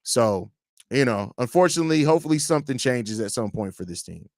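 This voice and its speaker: A man with a Chicago accent hosting a live podcast stream, reading chat comments and ranting in a blunt, profane, animated way. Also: medium pitch, fairly quick, vocal fry, dry recording, studio quality.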